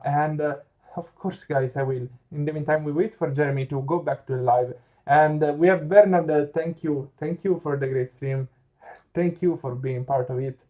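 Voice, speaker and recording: A man's voice: on the high side, highs cut off. A man with an Italian accent hosting a casual live chat, reading viewer comments aloud and laughing often. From Italy. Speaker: livestream host.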